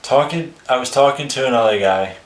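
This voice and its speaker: A man's voice: medium pitch, a little fast. A man casually telling his life story on a vlog, rambling and swearing freely, with chuckles between phrases. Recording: roomy echo.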